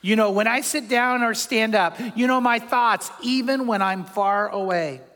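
An older man preaching a sermon as a pastor, conversational and animated, chuckling as he goes. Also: sits high, measured pace. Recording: long hall reverb.

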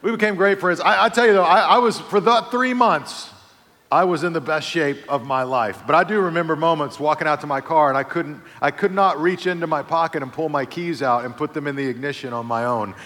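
A man preaching a sermon, telling a funny personal story with lively build-ups before easing into a quieter reflective close. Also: on the high side, a little fast. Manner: lively storyteller, builds to excited comic peaks then softens. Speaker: pastor. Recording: reverberant hall.

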